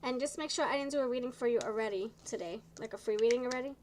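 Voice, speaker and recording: A woman with a slightly high voice hosts a live tarot reading, speaking in a chatty, encouraging way. She sounds tired and low on energy, and sometimes stumbles over her words. A faint hiss of noise sits under her voice. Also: very fast, darkish tone, poor audio. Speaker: tarot reader.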